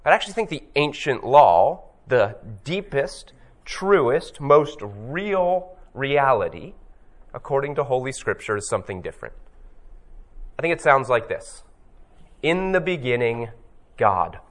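A man giving a teaching talk on scripture, his voice at an ordinary middle pitch. He speaks reflectively, telling the story step by step and slowing down to land the key phrases. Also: big pitch swings. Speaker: Bible teacher.

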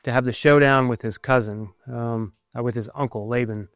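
A man preaching a sermon, reading scripture aloud and explaining it, with many pauses and filler words as he thinks aloud. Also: medium pitch, fairly even intonation, no echo. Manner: halting, many ums and uhs, thinking aloud.

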